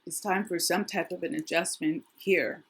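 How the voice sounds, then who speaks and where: A middle-aged woman talks through a tarot reading in a casual, thinking-aloud way, often restarting her sentences. Her voice is husky and a little worn. It sits fairly low for a woman. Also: normal speed, fairly bright tone. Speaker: tarot reader.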